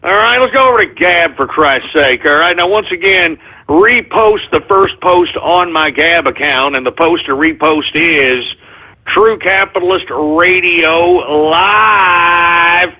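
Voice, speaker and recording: A man hosting a live radio show, ranting angrily, shouting, swearing and taunting listeners. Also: on the high side, normal speed, few pauses. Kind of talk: live call-in radio rant. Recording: tinny lo-fi broadcast audio.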